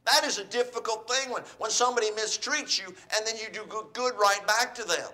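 Brief: earnest preacher, exhorting sermon delivery, bright and somewhat high-pitched. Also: male voice, fairly quick. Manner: earnest, exhorting, asks the listeners questions.

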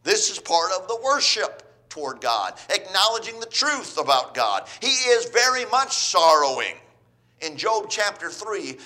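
A man preaching a sermon, swinging between loud emphatic lines and quiet ones, asking his listeners rhetorical questions. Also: a little high. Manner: asks the audience rhetorical questions.

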